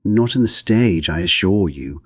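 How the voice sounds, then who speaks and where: A man's voice: low voice, animated, a little slow, no echo, studio quality. A man voicing a silly, simpering young woman with an affected manner in an audiobook.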